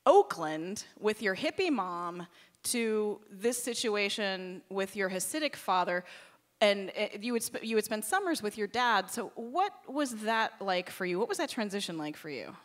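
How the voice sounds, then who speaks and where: A woman hosting a live radio show, interviewing a guest on stage in a friendly, halting way. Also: medium pitch, fairly bright tone.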